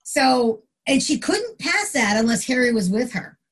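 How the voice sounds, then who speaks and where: Husky-voiced woman telling a lively story. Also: unhurried. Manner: animated storyteller, acts out quotes with big pitch jumps. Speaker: retired corrections officer, guest. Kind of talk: casual storytelling in a podcast interview.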